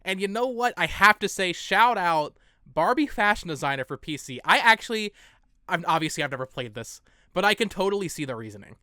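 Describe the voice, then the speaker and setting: Man, co-host: quick, bright, laughs easily, dry close mic. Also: sits high, sing-song, no echo. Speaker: podcast co-host. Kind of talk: casual podcast chat.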